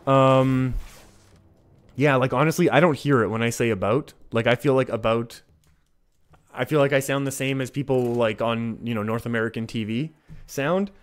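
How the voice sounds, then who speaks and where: A Canadian man talks his way through a live game stream in a loose, conversational voice. His pitch sits right in the middle for a man. He rambles and laughs at himself, breaking off and restarting his sentences as he answers his chat. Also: normal speed. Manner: chatty and self-deprecating, chuckles and restarts mid-sentence. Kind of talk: casual live-stream gameplay commentary.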